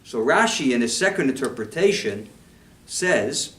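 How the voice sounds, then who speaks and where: A man giving a sermon as a rabbi, telling a story with lively emphasis and quoting Hebrew texts. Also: mid-range voice, measured pace. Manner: animated storytelling, mixes Hebrew quotes and English. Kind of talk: sermon on scripture. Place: congregation hall. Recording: echoey room, mic far off.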